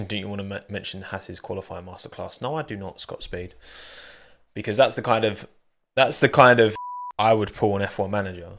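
A man's voice: on the low side, normal speed, a bit bright. A man hosting a solo post-race podcast, chatting and joking casually. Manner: chatty, jokey, thanks listeners by name. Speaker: podcast host.

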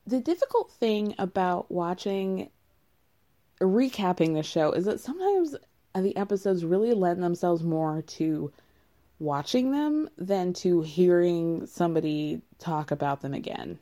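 Mellow-voiced woman chatting casually. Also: lowish voice, sing-song, unhurried. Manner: candid, rambling, with frequent "like" and laughs. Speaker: show recap host.

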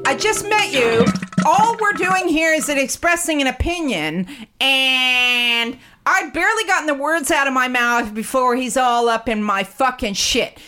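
A woman telling a story as a sharp, profane, fast-talking rant on a comedy show. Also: high voice, animated, faint music behind. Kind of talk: ranting comedic monologue.

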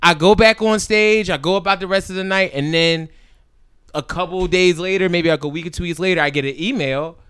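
A man's voice: high-pitched, a little fast, clear, resonant tone, dry recording, clean studio sound. A man with a Philadelphia accent, co-hosting a podcast, who tells stories in casual, profane chat and acts out what others said. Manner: animated, profane, quotes others in put-on voices. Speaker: podcast co-host.

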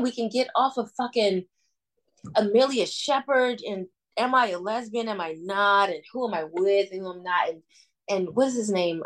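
A woman's voice: medium pitch, fairly bright tone. A woman co-hosting a podcast in casual chat, talking with enthusiasm and casual swearing. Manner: enthusiastic, chatty, profane. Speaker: podcast co-host.

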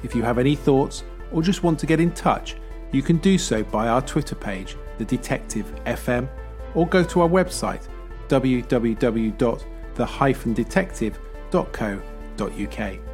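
A man hosting a true crime podcast, reading scripted narration in a measured way. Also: mid-range voice, lively intonation, darkish tone, soft background music. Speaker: podcast host.

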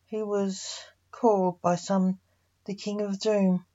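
A woman reading a fantasy story aloud, voicing all the characters in a mostly even narrating voice. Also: mid-range voice, slow. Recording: muffled lo-fi recording.

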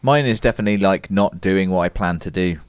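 A British man co-hosting a casual podcast, animated and quick to laugh. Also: low-pitched, clear, resonant tone, no room sound. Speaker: podcast co-host.

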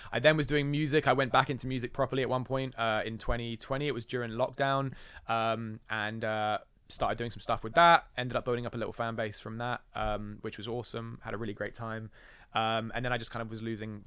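A man's voice: medium pitch, a bit bright, clear, resonant tone, no room sound. A man co-hosting a podcast in casual chat, rambling through stories and acting out the quoted lines. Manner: rambling storyteller, acts out quoted dialogue. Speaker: podcast co-host.

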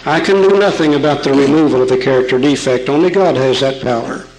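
A man's voice: medium pitch, fast talker, darkish tone, faint music behind, low-quality recording. Man, seminar speaker, plain-spoken, rhetorical questions, archival recording.

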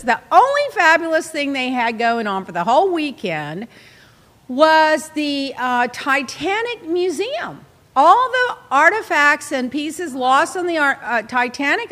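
High, bright-voiced woman telling stories dramatically. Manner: animated, dramatic, exclaiming. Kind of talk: casual storytelling monologue. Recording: long reverb.

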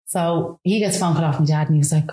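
Low-voiced chatty Irish woman. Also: quick pace, roomy sound. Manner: animated, chatty, many fillers. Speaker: guest. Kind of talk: casual storytelling.

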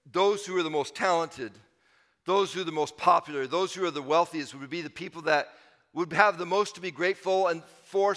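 A man's voice: sits high, bright, forceful tone, big-room sound. A man preaching a sermon as pastor, emphatic and repeating his key phrases for the congregation.

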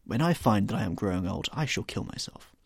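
A man's voice: mid-range voice, sing-song, brisk, slightly rough, no room sound, studio quality, voice pushed up. A man reading the part of an anguished, vain young man who dreads growing old, pleading and rising to despair.

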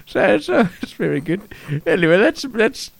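A man co-hosting a comedy podcast, talking in a halting deadpan way full of fillers and restarts. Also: sits high, vocal fry, no room sound. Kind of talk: deadpan improvised comedy chat.

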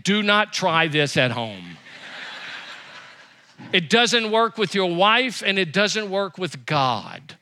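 A man preaching a sermon as pastor, with emphatic repetition and quick rises and drops. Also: sits high, very animated, sharp tone.

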